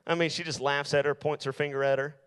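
A man's voice: fairly high pitch, little pitch movement, fast talker, fairly bright tone, smooth, in a large hall. A male youth pastor preaching to teenagers in an emphatic style, repeating his key lines. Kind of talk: sermon.

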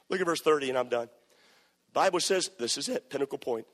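Animated preacher in an echoey hall. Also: male voice, a little high, fast. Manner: animated, playful, acts out scenes. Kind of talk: sermon.

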